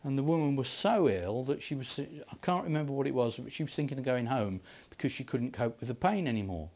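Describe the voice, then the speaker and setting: A man preaching, telling stories in an animated way and acting out the people he quotes. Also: medium pitch, fairly quick. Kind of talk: sermon storytelling. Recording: dull lo-fi recording.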